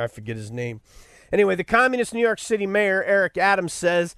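A man's voice: high-pitched, a bit bright, dry recording, studio quality. A man hosting a political talk show, with sarcastic and rambling commentary full of mocking asides. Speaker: podcast host.

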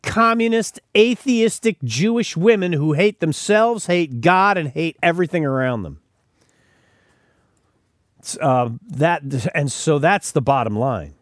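Male podcast host, lively swooping delivery, emphatic, restarts his sentences. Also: fairly high pitch, dry recording, clean studio sound. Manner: emphatic, repeats words when starting sentences. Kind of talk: opinionated commentary.

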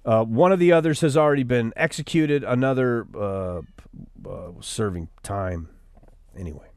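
A man's voice: mid-range voice, moderate pace, a little mellow, dry recording. A man hosting an opinionated news commentary show, sarcastic and preachy, rising to fiery outbursts. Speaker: radio host.

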